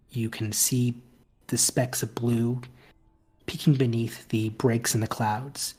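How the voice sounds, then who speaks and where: A man narrating a tabletop role-playing game as game master, in a slow, reflective way with lingering pauses between phrases. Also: medium pitch, a little mellow.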